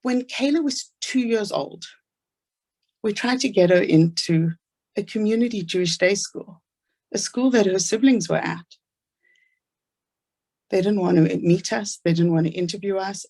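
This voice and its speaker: A South African woman with a fairly low, slightly mellow voice gives an earnest, inspirational talk about her own life. She tells her story sincerely, slipping in quick asides along the way.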